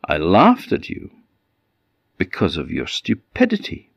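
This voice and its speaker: A man's voice: deep voice, huge pitch swings, unhurried, creaky, husky, no echo, highs cut off, exaggerated voice. A man doing a sly, secretive merman. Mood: knowing. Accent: Orkney Scottish. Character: sly, secretive merman, grey sea creature.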